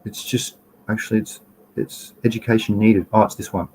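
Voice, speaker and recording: A man's voice: lowish voice, steady tone, normal speed, a little mellow, a little hiss or hum, poor audio. A man with an Australian accent hosting a casual livestream, talking bluntly and swearing freely as he rants and greets viewers. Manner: blunt, profane, ranting. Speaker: livestream host. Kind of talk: casual live stream chat.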